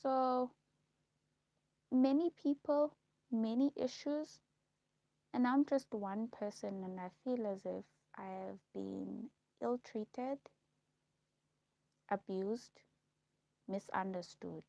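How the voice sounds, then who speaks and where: A woman speaking a halting, repetitive personal monologue on a live stream, slow and heavy in delivery. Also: a little high, gravelly, dark tone, no echo, highs cut off. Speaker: livestream host.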